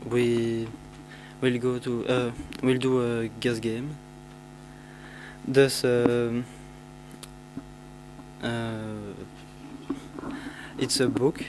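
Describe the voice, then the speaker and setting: A teenage boy introduces himself to pen pals, halting with many restarts and fillers. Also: medium pitch, little pitch movement, darkish tone, slight background noise, poor audio. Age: teens. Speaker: student.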